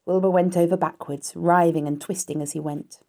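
A woman reading a children's novel aloud in a calm, steady storytelling voice. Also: fairly low pitch, moderate pace.

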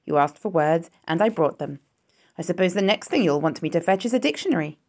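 A woman voicing a grumbling, greedy male rat in a storybook reading, gruff and put-upon. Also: fairly low pitch, lively intonation, fairly quick. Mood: smug.

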